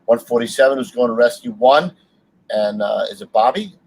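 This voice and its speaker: Animated New firefighter storyteller man. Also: medium pitch, normal speed, vocal fry, a little hiss or hum, rough recording. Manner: animated, swears freely, laughs while telling stories. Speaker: podcast co-host, retired firefighter. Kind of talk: casual chat, storytelling.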